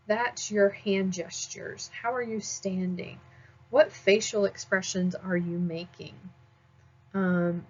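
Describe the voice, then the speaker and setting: A woman teaching a nursing class in a conversational lecture style, often pausing with "um" and checking in with "all right?". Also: mid-range voice, muffled recording. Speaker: nursing instructor. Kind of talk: recorded lecture.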